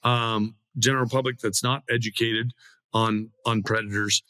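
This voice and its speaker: A middle-aged man speaks as a guest in a casual interview, earnest and stumbling over restarts. His voice is bright and taut. The sound is dry and close. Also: lowish voice, level tone, no room sound. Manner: earnest, halting with repeated restarts. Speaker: guest, hunter.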